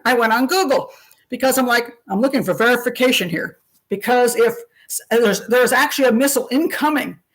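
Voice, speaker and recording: An older woman tells a story on a live stream in a chatty, animated way, slipping into the voices of the people she quotes. Her voice sits a little higher than most women's. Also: poor audio. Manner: chatty and animated, acts out quotes, laughs often.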